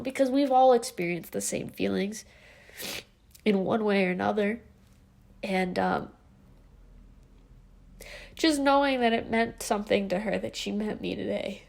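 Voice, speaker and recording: Casting: woman, twenties, tearful confessional vlogger, slightly high voice with lots of vocal fry. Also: darkish tone. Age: 20s. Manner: heartfelt, rambling, full of fillers. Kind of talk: emotional confessional vlog.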